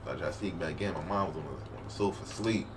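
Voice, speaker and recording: A man's voice: sits low, very fast, far from the mic. A young man casually telling a long story, laughing often and acting out what others said. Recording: noisy room, mic set back.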